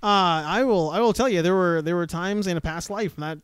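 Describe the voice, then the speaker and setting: A man in casual chat who jumps in with quick, jokey remarks and swears freely. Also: sits high, a bit bright, clear, resonant tone, no room sound, studio quality.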